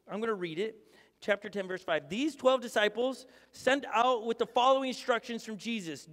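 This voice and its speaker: A man preaching a sermon as pastor, animated, acting out prayers and quotes in different voices. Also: high-pitched. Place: church auditorium. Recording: preaching in a reverberant hall.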